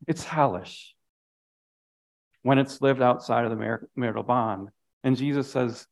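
A man's voice: fairly high pitch, very animated, normal speed. A man, a pastor, preaching a sermon earnestly, often repeating phrases and dropping his voice for emphasis.

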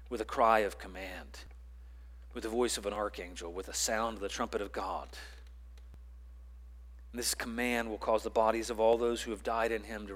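A man preaching a sermon as pastor, building to loud emphatic lines and dropping to quiet ones, with repeats and restarts. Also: lowish voice. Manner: repeats words and restarts phrases.

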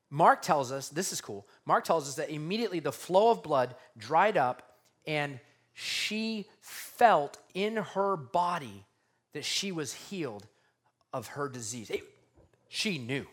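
A male pastor preaching a conversational sermon, acting out the scenes as he tells them. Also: fairly high pitch. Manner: animated, conversational, acts out scenes.

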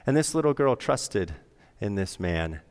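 A man's voice: on the low side, big pitch swings, unhurried, darkish tone, clear, resonant tone. A middle-aged man preaching a sermon as a pastor, telling a story in a conversational way with shifting emphasis. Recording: long hall reverb.

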